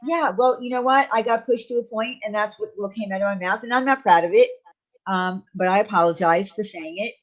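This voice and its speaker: Brief: woman, stream host, mid pitch, earnest and reflective, filler-heavy casual delivery. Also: a little fast, dull audio. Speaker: channel host. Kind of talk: casual live-stream chat.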